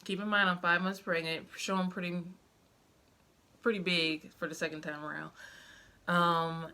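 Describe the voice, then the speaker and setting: This young mother's lowish voice is clean and sharp, delivered flatly at normal speed. She tells the camera personal, emotional stories about motherhood, peppered with fillers.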